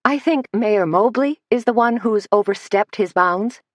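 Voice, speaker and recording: A woman's voice: lowish voice, animated, normal speed, dry recording, voice pushed up, natural voice. A woman narrator voicing a feisty, blunt middle-aged woman with wry humor. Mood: firm.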